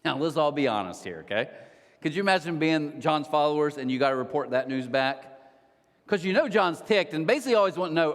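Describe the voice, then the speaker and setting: Animated male pastor in a reverberant hall. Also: on the high side, fast talker. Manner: casual, animated storytelling with asides. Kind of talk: sermon. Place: church auditorium. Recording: long hall reverb of a church auditorium.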